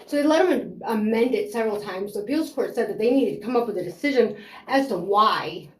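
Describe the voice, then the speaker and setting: A woman's voice: fairly high pitch, animated, fairly quick, a little hiss or hum. A woman telling her own story of a custody fight, rambling and frustrated, with lots of fillers. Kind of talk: personal storytelling. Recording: roomy echo.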